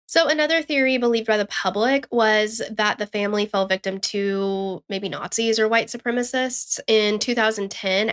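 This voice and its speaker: A woman co-hosting a true-crime podcast, reading the case notes in a steady, matter-of-fact way. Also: mid-range voice. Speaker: podcast co-host.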